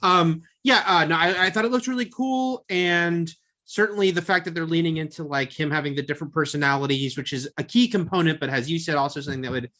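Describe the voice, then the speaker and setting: A man's voice: fairly high pitch, fast talker, bright, forceful tone. A man co-hosting a film podcast, chatting casually and rambling with lots of fillers. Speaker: podcast co-host. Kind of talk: casual chat.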